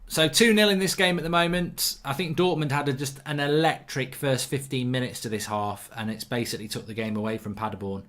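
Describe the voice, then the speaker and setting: A medium-pitched man with a fairly bright tone runs a live football watchalong. He's casual and chatty, reading viewer comments out loud, voicing strong views and getting wound up quickly by refereeing calls.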